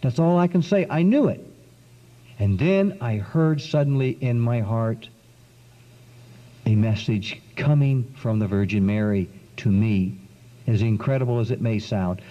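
A man giving an earnest, dramatic spoken testimony to an audience, with long pauses and sudden swings in pitch. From South Carolina. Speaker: speaker giving a testimony talk. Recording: dull lo-fi 1990s recording in a long-echo hall.

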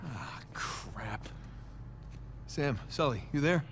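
A wry adventurer thief. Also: male voice, mid-range voice, very animated, extremely slow, slight background noise. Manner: quippy, wry asides. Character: wisecracking adventurer thief, adult man. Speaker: game character.

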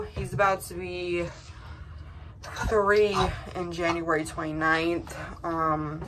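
Rambling young woman vlogging, slightly low. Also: flat delivery, takes it slowly, noisy background. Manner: rambling, emotional, many fillers and restarts. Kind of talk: casual vlog chat.

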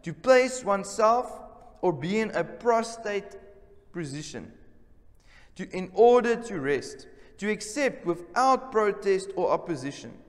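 A man's voice: sits high, big pitch swings, measured pace, big-room sound. A man preaching a sermon in a church, emphatic and repeating key words, calling out to the congregation for responses. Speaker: pastor. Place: church service.

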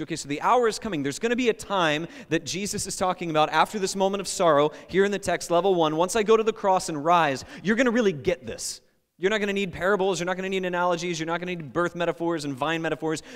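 A male pastor preaching a sermon in a conversational, animated way, with playful asides. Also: a little high, big-room sound.

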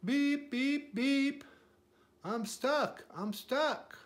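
An older man voicing a friendly little male blue truck in a storybook reading, with a high, squeaky, toy-like beeping voice. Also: huge pitch swings, slow, fairly bright tone, exaggerated voice. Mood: panicked.

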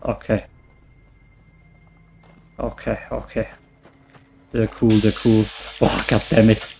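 A man casually commenting on his own gameplay, muttering to himself and swearing often, his voice getting hoarse. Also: on the low side, flat delivery, slow pace, darkish tone, slight background noise. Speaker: let's play gamer.

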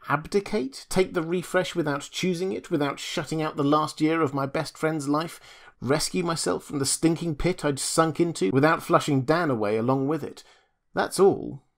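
A man voicing a shaken young man who pleads and protests, his voice climbing high and tight with strain. The delivery is urgent and tumbling as he explains himself from a hospital cot in an audiobook scene. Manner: pleading, strained, rising pitch. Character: distressed young man recovering from a drowning.

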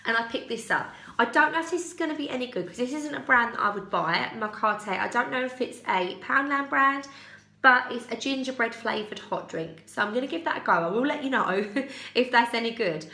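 A woman's voice: on the high side, expressive, brisk, gravelly, sharp tone. A young woman chatting casually through a shopping haul at home, rambling and correcting herself with little giggles. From United Kingdom. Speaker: haul vlogger. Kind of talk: casual chat. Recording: echoey room.

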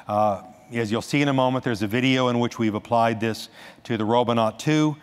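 Guy giving a conference talk, mid-pitched voice, lots of restarts and asides, big echoey hall. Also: fairly quick, clear, resonant tone. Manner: animated, thinks aloud with restarts and asides. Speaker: conference speaker.

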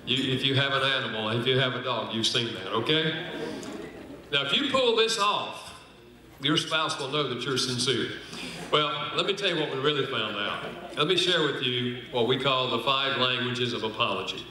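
A man giving a church seminar talk, folksy and humorous, slowing down to stress his points. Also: mid-range voice, a crowd in the background. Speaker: speaker on marriage and apology. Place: large echoing hall. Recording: very echoey hall.

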